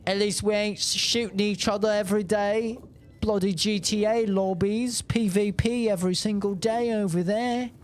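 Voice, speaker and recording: A man's voice: sits high, fairly even intonation, moderate pace, faint music behind, voice pushed up, lightly acted. A man doing a mock British accent, voicing a smug, taunting British bloke. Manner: taunting, exaggerated jeering.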